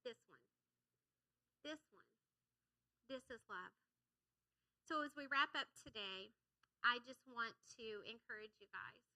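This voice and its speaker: Bright high-voiced woman preaching. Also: poor audio. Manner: energetic, leads call-and-response with congregation. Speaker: pastor. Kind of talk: sermon. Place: church sanctuary.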